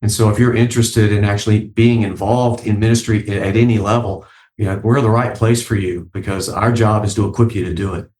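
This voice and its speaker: A man's voice: fairly low pitch, steady tone, fairly quick, a little mellow. Earnest hesitant man in a roomy space. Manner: earnest, hesitant, many fillers. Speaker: church leader guest. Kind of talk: earnest podcast interview.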